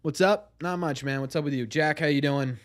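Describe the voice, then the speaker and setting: A man hosting a casual live stream, greeting viewers in chat by name and ranting excitedly. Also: fairly high pitch, a little fast.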